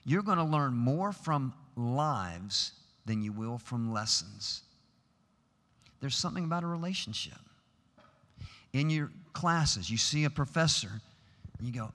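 A man's voice: mid-range voice, lively intonation, measured pace, pauses often, fairly bright tone. A middle-aged man preaching a sermon in a large chapel, earnest and emphatic, building to rhetorical questions. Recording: long hall reverb.

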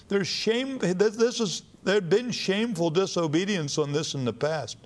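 Male preacher, slightly higher voice, casual teaching sermon, emphatic when quoting scripture. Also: normal speed, few pauses. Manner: conversational Bible teaching, rising emphatic when reading prayers.

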